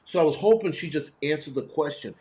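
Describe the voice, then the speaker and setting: A man hosting his own show, telling a story in a blunt, profane, animated way. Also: a little high, fast. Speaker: host. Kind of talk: casual storytelling monologue.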